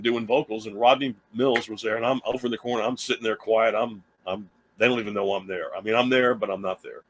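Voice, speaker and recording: A man's voice: on the low side, fairly bright tone, low-quality recording. A middle-aged man telling a story in a casual, rambling way, full of restarts and asides, speaking from a small home studio. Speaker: guitar teacher and livestream host.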